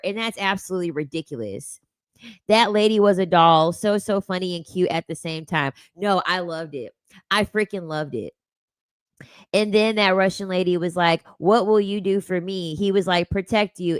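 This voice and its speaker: A woman's voice: lowish voice, clean tone, no echo. A woman, hosting a casual commentary chat, blunt and sassy, often repeating her phrases. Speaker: commentary host reading chat.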